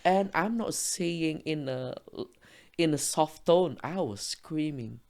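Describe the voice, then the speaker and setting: A woman's voice: low voice, animated, slow, darkish tone. Non-native English-speaking woman, emphatic ranting storyteller, laughs often. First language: not English. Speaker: guest. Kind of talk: animated storytelling.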